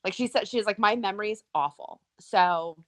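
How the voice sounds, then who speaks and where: A woman's voice: medium pitch, moderate pace, dry recording. A young adult woman, a podcast guest, telling a story in casual chat with laughs mixed in. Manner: animated storyteller, mixes in laughs.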